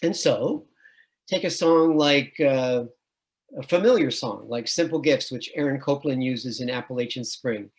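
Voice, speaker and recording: A man's voice: mid-range voice, a little slow. A middle-aged man, a music education professor, presenting an online admissions webinar and patiently explaining with sung and chanted examples.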